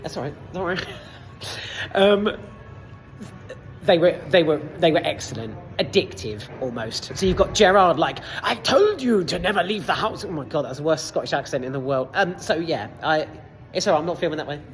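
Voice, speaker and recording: A woman's voice: deep voice, lively intonation, moderate pace, faint music behind. A woman reviewing a film casually in a cinema foyer, hesitant, with many fillers and casual swearing. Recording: long reverb in a foyer.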